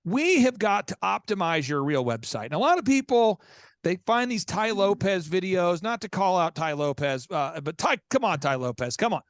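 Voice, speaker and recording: A man's voice: high voice, sing-song, normal speed, dry recording, studio quality. A man hosting a business podcast, telling stories with energy and acting out both sides of conversations. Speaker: podcast host. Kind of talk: animated storytelling.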